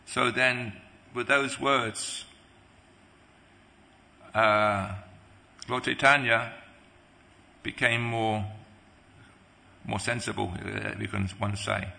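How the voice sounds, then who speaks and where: Male preacher, devotional sermon, halting with restarts, gravelly, very bright tone, long hall reverb. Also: fairly low pitch, fairly even intonation. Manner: halting, many restarts and pauses.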